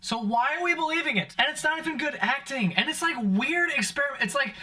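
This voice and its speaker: A man's voice: extremely high pitch, expressive, quick pace, crowd noise. A young man hosting a vlog, ranting to camera in a comedic, profane, exasperated way. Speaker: vlog host.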